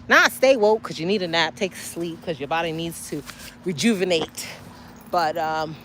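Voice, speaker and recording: A woman hosting a casual livestream outdoors by a street, chatting straight to her viewers and breaking into sudden high exclamations. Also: fairly bright tone, slight background noise. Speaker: livestream host. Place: outdoors by a street, waiting for a ride.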